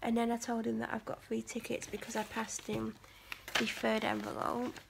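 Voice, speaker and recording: A woman's voice: fairly high pitch, monotone, normal speed, gravelly, background noise. A woman vlogger talking casually to the camera, rambling with many fillers and restarts.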